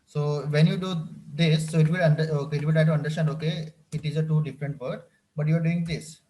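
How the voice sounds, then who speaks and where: A man's voice: fairly high pitch, steady tone, fast talker, warm tone. A man teaching a live coding class, often repeating phrases and checking whether his students follow. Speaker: instructor.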